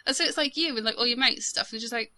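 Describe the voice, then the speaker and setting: A woman's voice: fairly high pitch, rapid-fire, pushed and bright. A young woman co-hosting a casual gaming podcast, chatty and full of fillers, laughing often. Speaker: podcast co-host.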